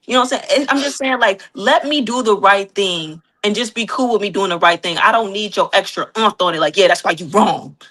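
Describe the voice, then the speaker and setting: A woman's voice: mid-range voice, a little fast, hardly any pauses, fairly bright tone. A woman on a casual podcast debate who explains her side through personal examples.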